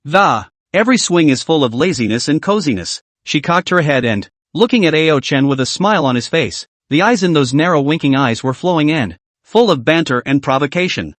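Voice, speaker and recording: A man's voice: fairly high pitch, lively intonation, a little fast, a bit bright, dry recording. A man narrating a fantasy comic recap, reading with small restarts.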